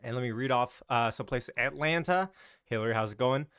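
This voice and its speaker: Man, live stream host, casual market chat, chatty, mid-pitched voice, dry close sound. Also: a little fast, a bit bright, clear, resonant tone, dry recording. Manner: chatty, greets viewers by location; talks in loose, restarting sentences.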